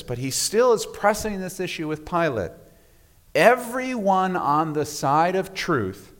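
Reflective male pastor in a reverberant hall. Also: on the high side. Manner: measured and reflective, often dropping to a soft hush at phrase ends. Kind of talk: sermon. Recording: long reverb of a large hall.

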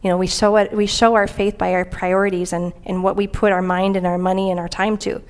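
An earnest woman delivers a conversational sermon in a church, her voice sitting at an ordinary middle pitch. She talks plainly to her congregation and stops now and then to read aloud from scripture and a commentary. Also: flat delivery, brisk, clean tone. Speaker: preacher.

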